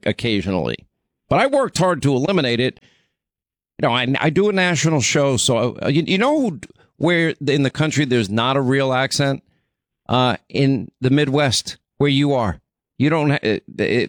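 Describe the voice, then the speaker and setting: Stammering talk radio host, dry sound. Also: male voice, mid-range voice, no room sound. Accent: New York. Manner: fast, stammering restarts.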